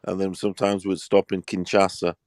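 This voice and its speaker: A man in casual chat, telling a story at an unhurried pace. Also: deep voice, monotone, a little mellow, no room sound, clean studio sound. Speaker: panel guest.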